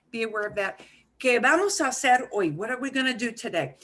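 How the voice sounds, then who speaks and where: Woman, unhurried language teacher on a video call, clear and bright tone, patient. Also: mid-range voice. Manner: patient, explains slowly with repeats and fillers. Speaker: Spanish teacher. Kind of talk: online class instruction.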